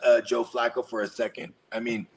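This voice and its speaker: A man hosting a casual fantasy football podcast, loud and teasing, often breaking into laughter. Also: medium pitch, little pitch movement, a little fast, creaky, a little hiss or hum. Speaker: podcast host.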